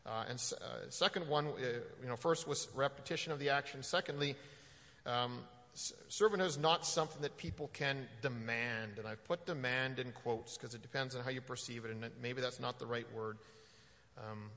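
A man preaching in a loose, conversational way, with a gravelly edge to his voice and frequent ums and restarts. His words ring out with a long hall reverb behind them. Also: medium pitch, bright, forceful tone. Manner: conversational, halting with fillers and restarts. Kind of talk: sermon.

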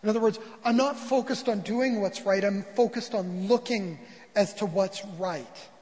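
Male pastor, high voice, sermon, long hall reverb. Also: moderate pace. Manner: storytelling with lively quoted voices.

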